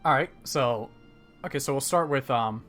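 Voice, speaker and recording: A man's voice: mid-range voice, moderate pace, fairly bright tone, faint music behind. A man narrating a tabletop game as dungeon master, rambling with many fillers and restarts.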